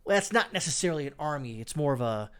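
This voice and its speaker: A man's voice: a little high, animated, fast, a bit bright, smooth. Sarcastic man hosting political commentary. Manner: sarcastic, scornful, thinks aloud with fillers. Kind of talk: political commentary reacting to clips and news.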